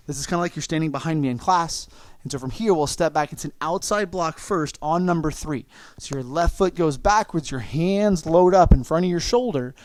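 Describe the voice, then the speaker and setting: A man with a fairly high voice leads an online martial arts lesson, calling out each move and encouraging his students. His sound is dry and close, with no room echo. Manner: coaching, encouraging, calls out moves and kiai shouts. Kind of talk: online class instruction.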